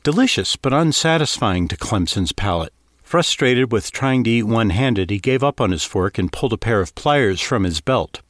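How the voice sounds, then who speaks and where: A man reading a science-fiction novel aloud with expressive, steady storytelling, close to the mic. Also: fairly low pitch, moderate pace, no room sound. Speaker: narrator. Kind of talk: audiobook narration.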